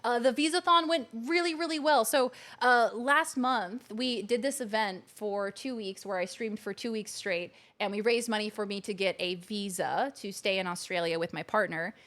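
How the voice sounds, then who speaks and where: A woman's voice: mid-range voice, moderate pace, hardly any pauses, a bit bright. A woman streaming a video game from her couch at home, chatting casually and gushing thanks to her viewers. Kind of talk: casual live-stream chat. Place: living room couch at home.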